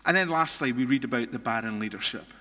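A man's voice: medium pitch, fast, bright, forceful tone, in a large hall. A Scottish man preaching a sermon, earnest and emphatic, often repeating and restarting phrases as he builds a point. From Scotland.

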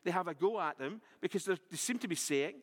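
Male preacher, bright high register, teaching verse by verse; reverberant church hall. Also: lively intonation, fast talker. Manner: expository Bible teaching with rhetorical questions. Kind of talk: sermon.

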